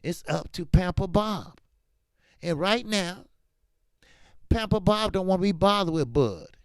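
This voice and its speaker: A man's voice: high-pitched, measured pace, clear, resonant tone, dry recording, clean studio sound. A man hosting a casual boxing talk stream, talking in an emphatic, slangy way. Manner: animated, emphatic, drifts into slang. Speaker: boxing talk show host. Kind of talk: casual boxing commentary livestream.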